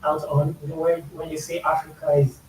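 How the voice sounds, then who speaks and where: Brisk and flat in delivery, a man with a Nigerian accent and a fairly high, slightly mellow voice explains song lyrics and slang as a YouTube music reaction host. His commentary is casual, and he repeats phrases for emphasis. The audio has room echo, faint hiss, and a mic placed a bit far away.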